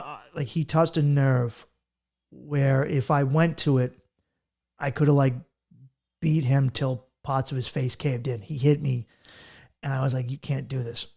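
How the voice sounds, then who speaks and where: A man's voice: medium pitch, gravelly, darkish tone. A man hosting a podcast, giving casual advice in a blunt, profane and emphatic way. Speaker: comedian and podcast host.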